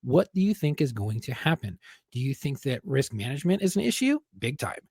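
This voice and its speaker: A man's voice: mid-range voice, sing-song, brisk, vocal fry, darkish tone, slightly rough, no room sound, studio quality. A man co-hosting a podcast, a former police officer telling stories bluntly and with plenty of swearing. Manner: blunt, profane storytelling. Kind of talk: casual podcast conversation.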